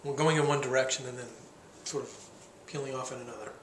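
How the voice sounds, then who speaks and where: A man's voice: mid-range voice, steady tone, fast talker, fairly bright tone, reverberant, slight background noise. A man tasting wine and describing it, thoughtful and hesitant, searching for words. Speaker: guest taster. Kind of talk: casual tasting chat. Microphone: handheld camcorder.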